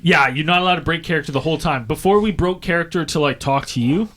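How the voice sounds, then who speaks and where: A man's voice: a little high, fast talker, a bit bright, slight background noise. A man co-hosting a podcast in laid-back, casual chat with friends. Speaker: podcast co-host.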